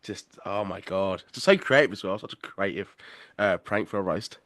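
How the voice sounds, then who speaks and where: A man's voice: low-pitched, normal speed, a bit bright, no room sound. British host guy, laughs loads, says mate a lot, dry close sound. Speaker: podcast host. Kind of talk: casual interview chat.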